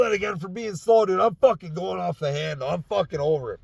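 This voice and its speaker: A young man with a Southern accent and a tired, sore, raspy voice, hosting a casual solo rant in a truck, profane and heated. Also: sits high, fast, few pauses, a little mellow, no echo. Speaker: podcast host. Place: inside a parked truck.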